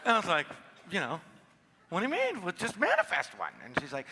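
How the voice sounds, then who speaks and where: A man with a high, bright voice speaking to an audience in a large hall. He tells his stories with animation, acting out each person's lines. The long reverb of the room trails after his words. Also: huge pitch swings, a little fast. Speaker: seminar speaker. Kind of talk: live seminar talk.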